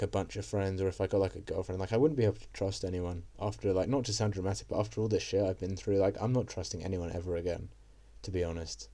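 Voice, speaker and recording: Low, dark-voiced young man rambling. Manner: rambling, heavy on fillers and swearing. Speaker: vlogger. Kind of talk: casual storytime monologue.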